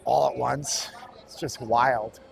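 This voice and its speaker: A man's voice: medium pitch, fairly even intonation, slow pace, creaky, a little hiss or hum. A man hosting a casual walking-tour livestream outdoors, chatting and joking with viewers as he walks. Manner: chatty, joking, laughs often. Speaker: livestream host. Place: outdoors at an outlet mall.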